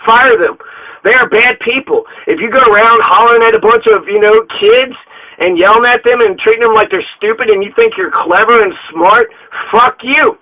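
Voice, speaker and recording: A man from Colorado launches into a heated political rant, swearing freely as he talks. His voice sits high for a man, and the recording sounds dull and lo-fi. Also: moderate pace. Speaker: local political candidate.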